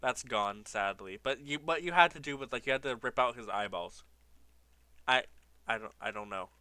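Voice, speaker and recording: Bright-voiced young man narrating gameplay. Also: mid-range voice, normal speed, no echo. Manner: nostalgic, laughs often, reads old signs aloud. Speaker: gaming YouTuber. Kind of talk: casual gameplay commentary.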